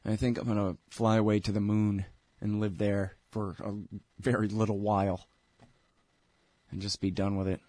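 A man's voice: on the low side, little pitch movement, moderate pace, pauses often, darkish tone, no echo. A man hosting a talk show, rambling in a blunt, sarcastic way between ad reads. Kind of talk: casual political talk and ad reads.

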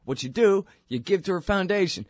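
A man's voice: high voice, expressive, fairly quick, a little mellow, no room sound, clean studio sound, pitched above the performer's own voice. A man putting on a mock Russian accent, playing a blunt businessman who drops his articles. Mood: matter-of-fact. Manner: clipped, dropping articles.

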